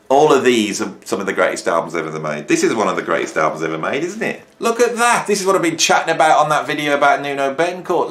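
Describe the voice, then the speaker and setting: A man's voice: mid-range voice, fairly bright tone. A middle-aged man chatting enthusiastically and jokily about his vinyl records at home. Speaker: music YouTuber. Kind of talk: casual vlog chat. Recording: roomy echo.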